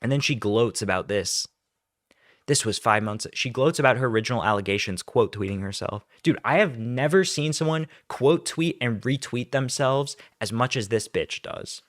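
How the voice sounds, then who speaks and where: A man's voice: mid-range voice, expressive, normal speed, no echo, clean studio sound. A young man doing ranting YouTube commentary, sarcastic, blunt and profane.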